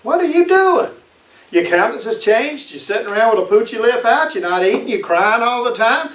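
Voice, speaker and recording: A man's voice: very high-pitched, big pitch swings, fairly quick, fairly bright tone, distant mic, pitched above the performer's own voice, full character voice. An exasperated husband , acted by a male preacher, fires off incredulous, scolding questions in a raised voice. The sound is roomy and comes from off-mic. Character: exasperated husband scolding his sulking wife. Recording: echoey room, voice from off-mic.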